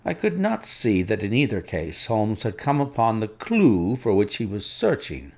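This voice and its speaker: A man narrating an audiobook in a measured storytelling manner, his voice dropping at clause ends. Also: on the low side, huge pitch swings, darkish tone. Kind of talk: scripted narration.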